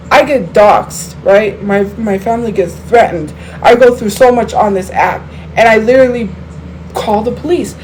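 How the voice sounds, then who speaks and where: A woman's voice: mid-range voice, darkish tone, slight background noise, rough recording. Heated rambling woman on a livestream. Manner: heated, rambling, with many fillers and restarts. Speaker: livestream host. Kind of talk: casual livestream talk to viewers.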